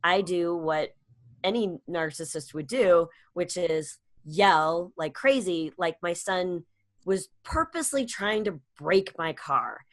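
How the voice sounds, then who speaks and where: Middle-aged lady comedian telling a story, kinda low voice, jumps way up high when she quotes people. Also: slow pace. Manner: animated storytelling, acts out quotes with sudden high pitch jumps. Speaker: guest, comedian and public speaker. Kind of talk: casual storytelling interview.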